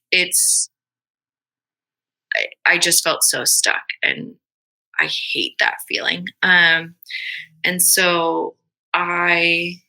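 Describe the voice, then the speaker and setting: Halting young woman, gravelly and bright. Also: deep voice, poor audio. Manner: halting, many fillers and restarts. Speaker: guest, middle school teacher. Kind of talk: emotional personal interview.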